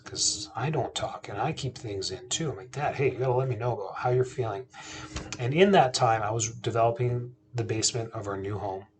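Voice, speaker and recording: Earnest, low-voiced man telling a story. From Canada. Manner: earnest, conversational, quotes himself and his father. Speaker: chiropractor, podcast host. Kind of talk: casual storytelling.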